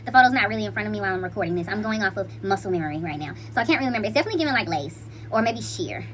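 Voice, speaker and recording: A woman's voice: medium pitch, animated, very fast, fairly bright tone, a little hiss or hum. A woman hosting a casual tarot reading, talking in a playful, slangy and chatty way to her viewers. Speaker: intuitive card reader.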